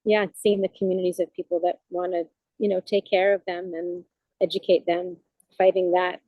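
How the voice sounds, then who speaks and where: A woman's voice: on the low side, little pitch movement, normal speed, no echo, phone-quality sound. A woman chaplain talking as a guest in a casual, reflective conversation, searching for words with frequent "you know" fillers.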